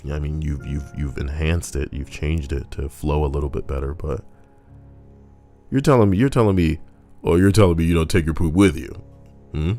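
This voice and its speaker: A man with a very low, deep voice reads out online posts and mocks them in loose, crude commentary. He is sarcastic and rambles off on tangents as he goes. Soft music plays quietly behind him. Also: normal speed. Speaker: YouTuber reading Reddit posts. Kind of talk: casual comedic commentary.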